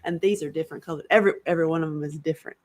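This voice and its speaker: A woman's voice: deep voice, steady tone, rapid-fire. A woman giving a casual, unscripted self-help talk as a workbook author, candid and emotional, rambling with many fillers and restarts.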